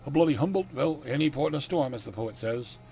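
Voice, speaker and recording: A man's voice: fairly high pitch, animated, quick pace, warm tone, slight background noise, voice pushed up. A man putting on a courtly Southern vampire gent. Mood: genial. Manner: florid and courtly. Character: portly old-fashioned Southern vampire gentleman.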